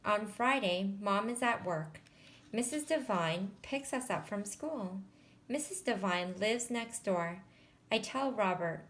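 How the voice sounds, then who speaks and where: A woman reading a children's picture book aloud, slow and unhurried. She takes care over each sentence and pauses to explain words for young listeners. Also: mid-range voice, animated, a bit bright. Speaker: storybook reader.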